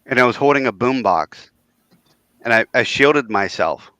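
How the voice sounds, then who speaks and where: A man in his forties, a podcast co-host telling a story in lively casual chat and acting out quoted voices. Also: medium pitch, moderate pace, smooth, dry recording.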